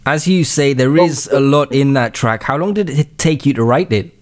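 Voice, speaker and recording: A man's voice: mid-range voice, normal speed. A man interviewing an artist, asking brief, plain questions.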